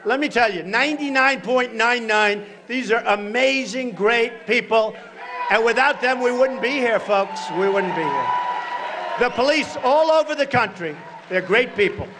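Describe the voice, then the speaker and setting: A man in his sixties giving a campaign rally speech at a podium, repeating short punchy phrases and breaking into shouts. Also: very high voice, lively intonation, a little slow, crowd noise, noisy background. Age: 60s. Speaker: political candidate at a rally. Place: large rally venue.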